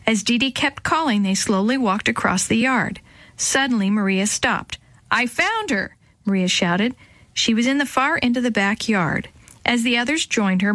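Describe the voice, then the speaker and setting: A woman narrating a children's storybook, lifting her voice higher for the young characters' lines. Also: a bit bright, no room sound. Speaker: storybook reader.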